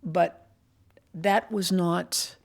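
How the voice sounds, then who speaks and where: Older lady, retired cop, super gravelly voice, telling old stories slow and thoughtful. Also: on the low side, steady tone. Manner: measured, reflective storytelling with pauses. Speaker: retired police assistant chief. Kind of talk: recounting memories in an interview.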